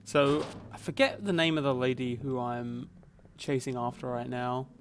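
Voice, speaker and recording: A man with a softened Essex accent, chatting casually to viewers while streaming a game, rambling with plenty of fillers. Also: mid-range voice, fairly even intonation, normal speed, slight background noise. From Essex, England. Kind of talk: casual live gameplay chat.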